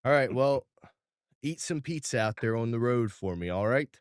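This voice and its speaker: A man's voice: medium pitch, animated, moderate pace, clear, resonant tone, dry recording, clean studio sound, lightly acted. A man voicing a shy, sweet little boy in a tabletop game, speaking hesitantly with many ums.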